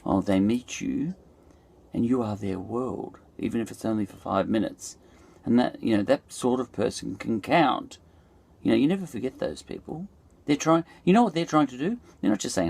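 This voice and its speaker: A man's voice: medium pitch, expressive, normal speed, creaky, a little mellow, breathy edge. A middle-aged Australian man musing aloud in a loose, digressive monologue, full of fillers and restarts. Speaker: podcast host. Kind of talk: rambling reflective monologue.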